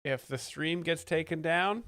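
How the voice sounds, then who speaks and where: A man's voice: on the high side, measured pace, a bit bright, dry recording, clean studio sound. A man hosting a live stream, explaining stand-up jokes in a sarcastic, mock-expert tone. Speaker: comedy stream host. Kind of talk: casual live-stream commentary.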